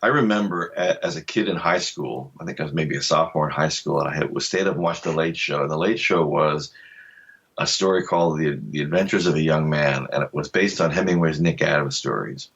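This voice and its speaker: Very deep, husky older male author. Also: brisk, dull audio. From Delaware, USA. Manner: thoughtful, reflective storyteller with soft laughs. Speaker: author guest. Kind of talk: conversational interview.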